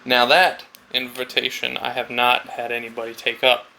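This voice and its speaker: A woodcarver vlogger talks at a normal speed in a monotone, mid-range voice with vocal fry and a pushed, bright quality. Casual and reflective as he carves, he rambles through a story and acts out small chats.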